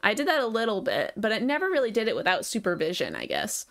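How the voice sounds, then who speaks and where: A woman's voice: mid-range voice, wildly swooping pitch, fast, vocal fry, fairly bright tone. A woman streamer chatting casually and reflectively to her viewers during a live gameplay session. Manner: chatty, laid-back, reflective.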